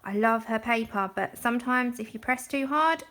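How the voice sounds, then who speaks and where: A woman's voice: fairly high pitch, moderate pace, fairly bright tone. A woman hosting a livestream, chatting casually while explaining her colouring steps and thanking viewers by name. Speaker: livestream art host.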